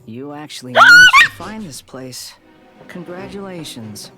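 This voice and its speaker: Smug young male game villain, sneering, very lively pitch, music underneath. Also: unhurried. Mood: mocking. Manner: sneering, condescending.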